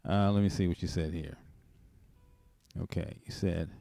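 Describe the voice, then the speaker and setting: A man hosting a call-in show, telling a personal story in a rambling, animated way with chuckles. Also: low-pitched, normal speed, gravelly, no echo. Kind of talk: casual testimony on a call-in show.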